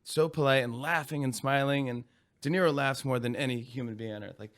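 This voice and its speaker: A man in his forties, a comedian guest in an interview, telling animated stories, acting out voices and laughing often. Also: medium pitch, fairly quick. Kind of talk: casual interview chat.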